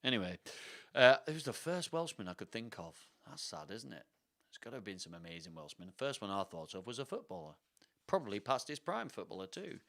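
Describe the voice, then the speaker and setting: A man's voice: on the low side, big pitch swings, a little fast, fairly bright tone. A man hosting a live storybook reading, breaking off into jokey asides and remarks to his chat. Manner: jokey, self-interrupting, talks to the live chat.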